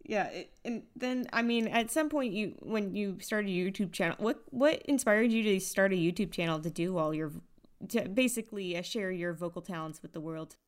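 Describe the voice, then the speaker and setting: A woman's voice: mid-range voice, normal speed. A woman interviewing a guest in casual chat, talking loosely with lots of filler words and easy laughter. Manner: chatty, many "like" fillers, laughs easily.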